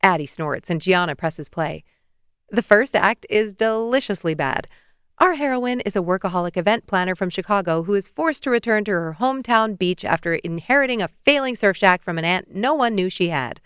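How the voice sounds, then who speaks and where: A young woman narrating a first-person romance audiobook in a lively, wry way, recorded close in a studio booth. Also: mid-range voice, moderate pace, clear, resonant tone, dry recording. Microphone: close studio mic.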